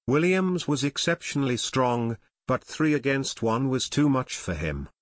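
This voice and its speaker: Male audiobook narrator, steady delivery, medium pitch, dry booth recording. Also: measured pace, no echo.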